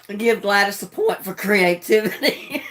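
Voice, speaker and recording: A woman hosting a live trivia stream in a casual, chatty way, often breaking into giggles and talking straight to her viewers. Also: a little high. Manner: chatty, addressing viewers directly. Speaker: livestream trivia host.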